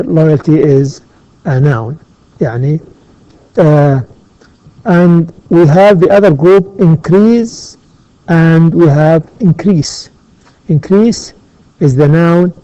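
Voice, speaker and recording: Slow, methodical male English teacher. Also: on the high side, mellow, dry recording. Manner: slow, methodical, many "uh" pauses, glosses words in Arabic. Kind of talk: classroom grammar lesson. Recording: dull lo-fi sound.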